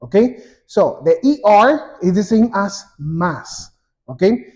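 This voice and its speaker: A man teaching an English grammar lesson, saying example words twice, slowly and clearly. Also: high voice, expressive, darkish tone. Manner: slow and repetitive, drawing out example words.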